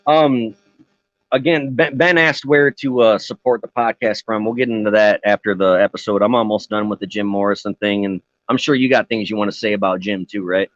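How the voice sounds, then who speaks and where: A man's voice: lowish voice, steady tone, fairly quick, no room sound, muffled recording. A man co-hosting a casual podcast, swearing freely, rambling through stories and laughing at his own jokes. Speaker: podcast co-host.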